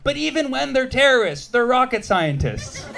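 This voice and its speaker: A man doing a stand-up comedy set, punchy and quick with asides and banter with the crowd. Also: extremely high pitch, very animated, vocal fry, noisy background. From United States. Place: comedy club stage with a live audience.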